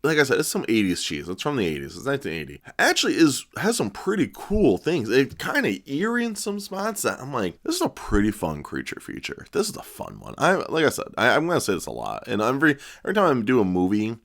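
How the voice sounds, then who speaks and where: Animated rambling man reviewing a movie. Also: medium pitch, fast, hardly any pauses. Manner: animated, rambling, laughs as he talks. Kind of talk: casual movie review vlog.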